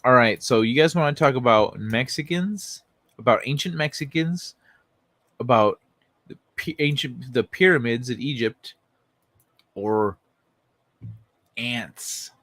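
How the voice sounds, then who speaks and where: Male streamer, casual sarcastic commentary, average pitch, dry close mic. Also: expressive, slow, long pauses, fairly bright tone, dry recording. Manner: sarcastic, profane, laughing often. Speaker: livestream host. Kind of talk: casual livestream commentary reading articles to chat.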